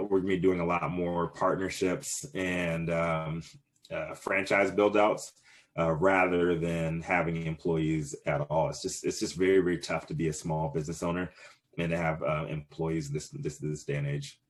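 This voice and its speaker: A man's voice: low voice, little pitch movement, moderate pace. A man in his thirties answering interview questions casually, rambling with many fillers and restarts. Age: 30s. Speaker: cannabis business owner, guest.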